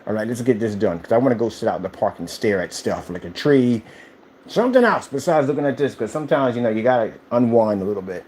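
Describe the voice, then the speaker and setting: A man's voice: medium pitch, expressive, quick pace, darkish tone, a little hiss or hum. A man who owns a screen paint company, ranting casually on a livestream and firing off rhetorical questions.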